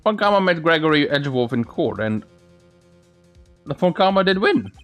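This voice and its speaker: Guy reading an old-timer who says me boy, big swoopy pitch, game music under it. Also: very animated, normal speed, a bit bright. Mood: earnest. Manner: old-fashioned, calls people me boy and my dear.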